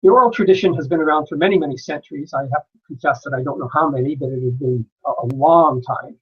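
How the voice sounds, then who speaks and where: A man lectures at a conference in a measured way, pausing often on "uh" as he gathers his thoughts. His voice sits a little high and sounds husky. The recording is dull and lo-fi. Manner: measured, with frequent "uh" pauses. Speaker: conference speaker. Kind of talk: lecture presentation. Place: conference hall.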